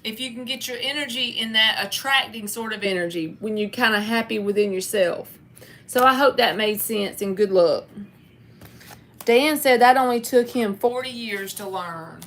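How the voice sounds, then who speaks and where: A woman's voice: a little high, normal speed, a bit bright. A woman, giving a candid, folksy live tarot reading. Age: 30s. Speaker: tarot reader.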